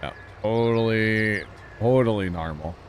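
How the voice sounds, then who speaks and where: A laid-back man chats through a live gameplay stream, talking easily to his viewers and fellow players. His voice sits fairly low. A faint hiss runs underneath. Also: a little slow. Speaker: livestreamer.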